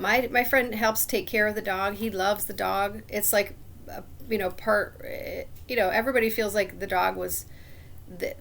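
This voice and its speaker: Gravelly woman telling a rambling grievance. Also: mid-range voice, a bit bright. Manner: rambling, clears her throat often; aggrieved, suspicious storytelling. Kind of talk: casual personal story.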